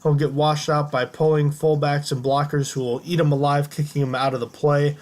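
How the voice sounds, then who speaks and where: A man's voice: fairly high pitch, moderate pace. A man co-hosting a sports podcast, running through a prospect's record with frequent "uh" fillers. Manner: steady rundown with many "uh" fillers. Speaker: podcast co-host. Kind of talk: casual draft analysis.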